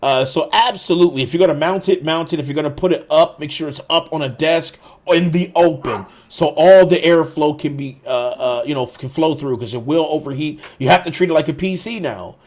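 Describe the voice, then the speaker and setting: A man co-hosting a casual gaming podcast, swearing freely and telling animated stories. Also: a little high, a little fast, few pauses. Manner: profane, animated storyteller. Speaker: podcast co-host.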